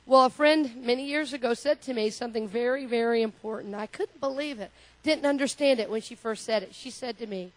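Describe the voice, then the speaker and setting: A woman's voice: fairly high pitch, fairly quick. A middle-aged woman minister preaching a sermon in a church. She talks in a personal, conversational way and leads the congregation in call-and-response. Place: church sanctuary.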